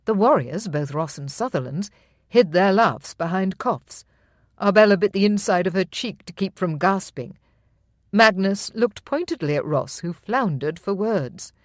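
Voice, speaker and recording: A narrator reads a historical romance aloud in an even, steady storytelling voice. The pitch sits in the middle range. The recording is dry and close, with no room sound. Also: measured pace, no echo. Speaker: audiobook narrator. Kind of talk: scripted audiobook narration.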